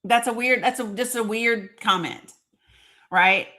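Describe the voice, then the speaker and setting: A woman's voice: a little high, measured pace, bright, forceful tone. A woman with a Northeast Tennessee accent hosting a live stream, chatting emphatically and calling out commenters by name. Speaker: livestream host.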